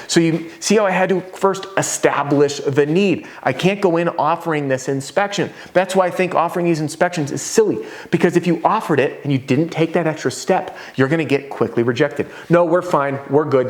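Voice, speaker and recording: A man teaching roofing sales at a whiteboard in a casual, energetic way, now and then acting out homeowners' voices. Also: fairly high pitch, a little fast, few pauses. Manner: casual, conversational teaching with asides.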